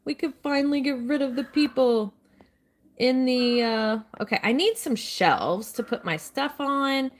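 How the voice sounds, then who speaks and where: A woman's voice: sits high, unhurried. Gushing, chatty woman streamer. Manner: chatty and gushing, squeals over cute things; apologetic, reads out chat names. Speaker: live streamer playing a kids' game. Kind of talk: casual live-stream gameplay chat.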